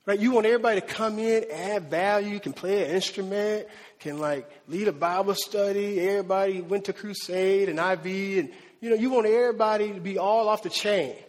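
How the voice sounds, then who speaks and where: A man preaching a sermon as a pastor. He talks in a conversational, animated way, often checking in with "right?" and acting out the voices in his stories. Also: high-pitched, a little fast. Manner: animated storytelling with acted-out quotes. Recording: long hall reverb.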